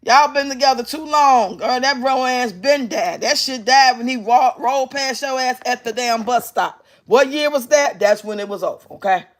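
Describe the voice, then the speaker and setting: A woman hosting a livestream, giving blunt, profane commentary and reading her chat out loud. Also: high-pitched, normal speed, few pauses. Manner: brash, profane, mocking. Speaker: livestream host reacting to clips.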